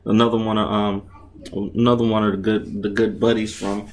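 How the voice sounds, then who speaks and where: A man's voice: on the low side, little pitch movement, fairly quick, slight background noise. A man casually narrating and explaining his own comic book, chatty and enthusiastic, often restarting his sentences and acting out sound effects.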